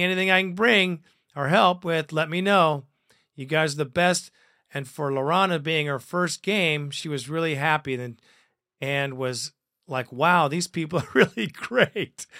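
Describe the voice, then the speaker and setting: A man hosting a fan podcast, reading listener comments aloud in a profane, excitable way and laughing often. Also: a little high, dry recording, studio quality.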